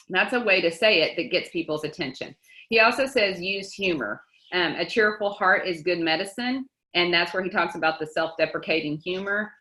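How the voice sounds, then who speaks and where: A woman's voice: fairly low pitch, expressive, moderate pace, pushed and bright, echoey room, poor audio. A woman leading a casual group coaching talk, chatty and upbeat, quoting sayings and laughing easily. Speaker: team leader teaching a book study.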